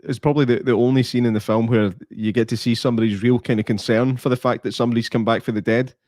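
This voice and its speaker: A young man co-hosting a podcast, retelling scenes in a relaxed way and dropping into mock voices. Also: mid-range voice, fast talker, no room sound, clean studio sound. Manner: relaxed storytelling, drops into mock voices for characters. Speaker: podcast co-host. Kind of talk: casual podcast chat.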